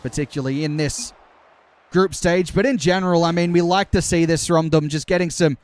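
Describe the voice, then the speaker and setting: A young man doing live play-by-play commentary on an esports match, calling the action briskly and breaking off to answer his chat. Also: on the high side, steady tone, darkish tone, no echo.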